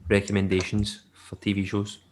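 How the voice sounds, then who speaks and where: Jokey man, low voice. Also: completely flat delivery, normal speed, very noisy. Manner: rambling and jokey, laughs often. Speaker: podcast co-host. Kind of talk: casual chat.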